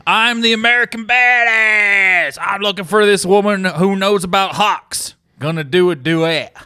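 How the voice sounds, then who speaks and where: A man's voice: high-pitched, a little slow, sharp tone, clean tone, no echo, studio quality, heavily acted. A man voicing a boastful, washed-up male rock star in a comedy script read, brash and laughing.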